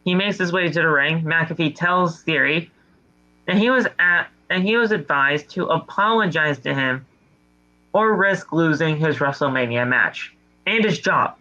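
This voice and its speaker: A man co-hosting a podcast, recapping wrestling in a casual, animated way. His voice is bright and forceful and sits a little high. The audio is dull and lo-fi. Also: measured pace. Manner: animated storytelling with mock voices and exasperated jokes. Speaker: podcast co-host.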